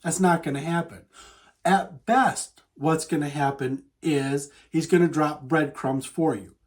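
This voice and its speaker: Earnest man giving dating advice. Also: a little high. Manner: earnest, emphatic and repetitive, addressing the listener as "you". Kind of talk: direct-to-camera advice talk.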